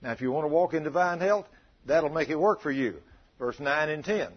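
A man preaching a sermon, telling folksy stories with a chuckle in a husky voice. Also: a little high, animated, brisk, lo-fi sound.

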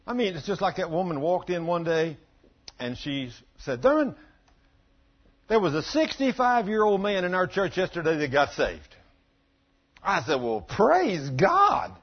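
A middle-aged man preaching a sermon, telling folksy stories and swinging from quiet asides to loud emphatic bursts. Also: high voice, big pitch swings, unhurried. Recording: dull lo-fi church recording.

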